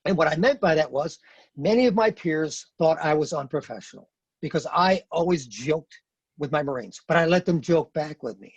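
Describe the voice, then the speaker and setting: Retired Marine guest, middle-aged man, husky and forceful in delivery, close dry lo-fi mic. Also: on the high side, expressive, moderate pace, dry recording. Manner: blunt, emphatic, repeats words when stressing a point. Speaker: podcast guest, retired Marine sergeant major. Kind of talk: conversational interview talk. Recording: dry, dull lo-fi sound.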